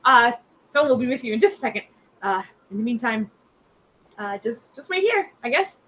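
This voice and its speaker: A woman's voice: a little high, big pitch swings, fairly quick, a bit bright, voice pushed up, poor audio. A woman voicing an eager young female gnome receptionist who gushes and stammers through her questions. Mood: flustered. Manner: gushing, stammering, breathless questions.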